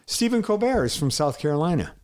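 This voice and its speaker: A man's voice: a little high, sing-song, fast talker, darkish tone. A man with a clean Midwestern accent, a former radio DJ, talking as an interview guest in a plain, straightforward way with dry quips. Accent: Midwestern American. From Midwest United States. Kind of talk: casual interview chat.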